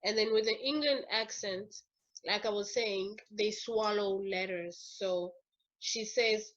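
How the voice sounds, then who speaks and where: A woman explaining accents in a casual lesson, slow and thoughtful, with many fillers and restarts. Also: mid-range voice, muffled recording. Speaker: language teacher.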